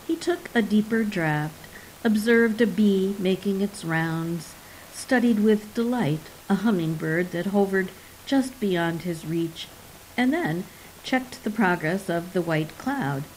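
A woman reading a fantasy story aloud in an even, measured storytelling manner. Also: mid-range voice, a little hiss or hum, low-quality recording. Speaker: narrator. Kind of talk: scripted audiobook narration.

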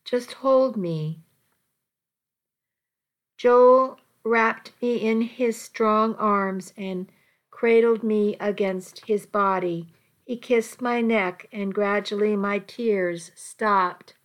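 A woman reads a romance story aloud at an unhurried pace. Her delivery is soft and intimate, in a mid-pitched voice. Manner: slow, soft and intimate reading. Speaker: narrator. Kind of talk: audiobook narration of a romance story.

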